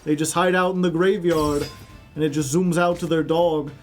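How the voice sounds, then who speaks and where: A man with a high-pitched voice streaming a card game. He chats casually with viewers, rambles and turns each move into a silly tale. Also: fairly even intonation, moderate pace, faint music behind. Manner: rambling, joking, spins silly stories.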